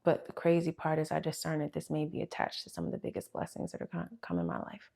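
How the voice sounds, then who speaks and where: A young woman speaking to camera on her own channel, sharing a heartfelt religious testimony with sighs and pauses as she holds back tears. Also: low-pitched, little pitch movement, gravelly, a little mellow. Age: young adult. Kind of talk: emotional personal testimony to camera.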